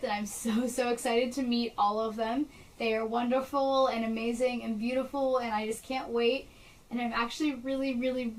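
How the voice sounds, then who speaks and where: A young woman in her bedroom chatting excitedly to camera for her vlog channel. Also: on the high side, distant mic, low-quality recording. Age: young adult. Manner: bubbly, excited, gushing. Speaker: vlogger. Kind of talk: casual chat to camera.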